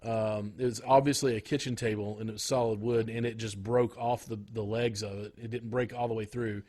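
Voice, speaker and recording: A man co-hosting a podcast in casual chat, rambling with frequent pauses and restarts. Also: lowish voice, level tone, a little mellow. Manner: rambling, lots of fillers and restarts. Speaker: podcast co-host.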